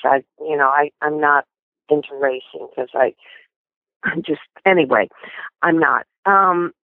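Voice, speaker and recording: A woman's voice: fairly low pitch, dry recording. Older woman telling stories over a phone line. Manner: animated anecdotes with many restarts. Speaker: guest. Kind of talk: storytelling interview.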